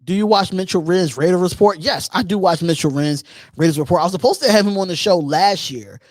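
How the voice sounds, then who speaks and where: Call-in show host from Philadelphia, male, high voice, lively and repetitive, dry mic. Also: brisk, no echo. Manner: animated, repeats himself, reads and answers chat questions. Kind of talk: live call-in show chat.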